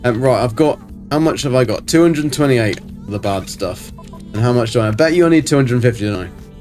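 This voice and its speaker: A man's voice: medium pitch, lively intonation, fairly quick, a little mellow, soft background music. A middle-aged man on a casual live game stream, answering chat and muttering to himself as he plays.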